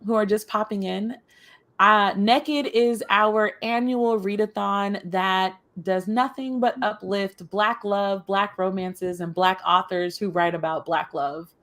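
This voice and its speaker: A woman co-hosting a book club podcast in casual chat, emphatic and quick to laugh. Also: mid-range voice. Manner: animated, laughs often, emphatic announcements. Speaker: podcast co-host.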